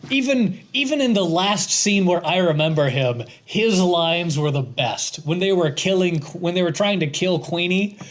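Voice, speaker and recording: A man with a notably high voice chats about a film on a podcast. He is excitable and jokey, and he swears freely as he talks. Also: normal speed, few pauses. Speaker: podcast co-host. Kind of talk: casual movie discussion.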